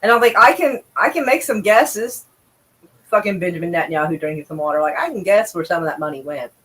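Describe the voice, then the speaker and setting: A woman's voice: fairly low pitch, animated, quick pace, fairly bright tone, husky, poor audio. A woman livestreaming, reading news aloud and reacting with sarcastic, profane commentary and exasperated sighs.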